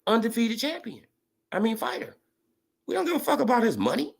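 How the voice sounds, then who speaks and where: A man's voice: extremely high pitch, brisk, creaky. Guy w ranting on a boxing vlog, voice swinging way up and down, swears a lot. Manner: animated, profane, rising to excited rants. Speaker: boxing commentator vlogger. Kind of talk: casual monologue.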